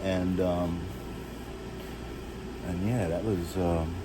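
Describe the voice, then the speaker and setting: A man telling rambling, halting stories about his childhood, jumping from one memory to the next. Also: fairly even intonation, background noise. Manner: rambling, halting, restarts and jumps between stories; shouts and jumps high when acting out others. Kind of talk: rambling personal storytelling.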